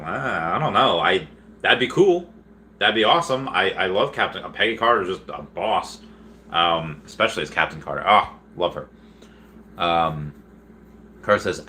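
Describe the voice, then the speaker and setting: A man hosting a casual livestream, reading viewer chat aloud in a rambling, excitable way with frequent laughs and restarts. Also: low voice, slight background noise.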